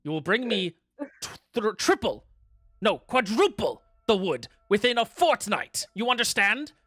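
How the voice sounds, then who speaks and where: A man's voice: high voice, very animated, a little slow, sharp tone, no room sound, clean studio sound, pitched above the performer's own voice, full character voice. A man voicing a pompous, pudgy male noble lord who speaks in a grandiose, condescending way.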